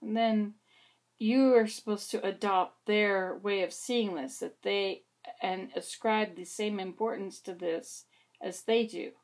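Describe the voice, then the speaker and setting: A woman's voice: medium pitch, steady tone, slow pace. A woman vlogging to camera, chatting in a rambling, meandering way with little asides to herself. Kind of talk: casual chat to camera. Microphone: camera facing her like a mirror.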